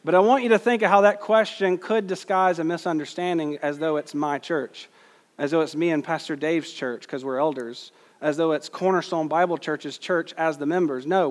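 A male pastor, his voice a little high for a man, delivers an earnest sermon, pressing hard on key phrases and slowing down to stress quotes. Each line trails off into a long hall reverb.

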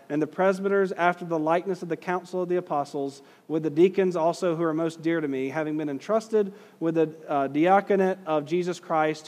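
A man's voice: sits high, a little mellow, big-room sound. A man teaching a class in a conversational way, reading old quotes aloud, stressing key words and putting questions to his students.

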